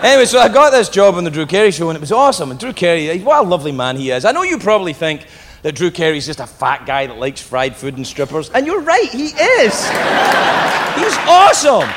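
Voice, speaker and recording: A man's voice: on the high side, lively intonation, fast, fairly bright tone, big-room sound, a faint crowd. A man from Britain telling self-deprecating, profane stories in a stand-up comedy routine, with audience noise in the background. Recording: live audience and venue noise.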